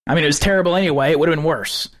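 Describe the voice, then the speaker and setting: A man co-hosting a casual political podcast, retelling a news video in an animated, profane way. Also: on the high side, racing. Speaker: podcast co-host.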